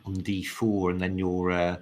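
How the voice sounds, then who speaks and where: A tired man talking through chess moves in casual live commentary, thinking out loud with plenty of ums and restarts. His voice sits a little low, and he stays polite and self-deprecating. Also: completely flat delivery, unhurried. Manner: thinking aloud, hesitant with many fillers, polite and self-deprecating. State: tired, yawning.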